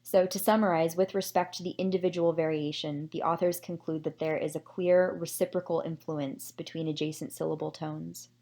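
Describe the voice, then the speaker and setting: A woman presenting a summary of a research study in a measured, explanatory way, with occasional fillers. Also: low-pitched, flat delivery, dark tone. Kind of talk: scripted academic presentation.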